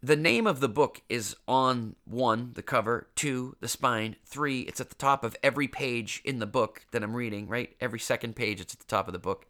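A young podcast host, congested and getting over an illness, tells a rambling, self-mocking story with plenty of swearing. His medium-pitched voice is bright and forceful, stuffy from the congestion, moving at normal speed with hardly any pauses.

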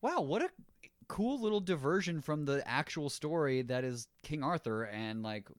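A man's voice: fairly high pitch, lively intonation, no room sound, studio quality. A man co-hosting a casual chat about a film, laid-back and acting out bits of dialogue. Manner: laid-back, acts out lines in quick voices. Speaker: podcast co-host.

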